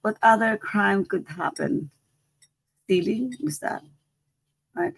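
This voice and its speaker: Very gravelly, husky woman teacher. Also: mid-range voice, animated, slow pace, dry recording, poor audio. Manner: conversational, repeats phrases, asks "right?". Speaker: spiritual teacher. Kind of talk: live-streamed teaching talk.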